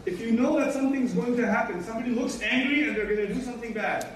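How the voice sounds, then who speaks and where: A man with a high voice delivers a religious lecture, stressing his points by repeating them and slipping into short acted-out exchanges. He sounds far from the mic, in a very echoey room with a faint hiss behind him. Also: fast talker. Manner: emphatic, repeats key lines, acts out everyday dialogues. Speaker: Islamic teacher.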